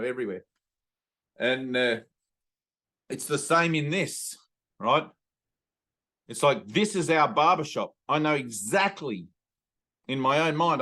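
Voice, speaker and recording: A man's voice: medium pitch, fairly bright tone. A man, a spiritual teacher giving a satsang talk over a video call, telling rambling stories and slipping into playful voices. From Australia.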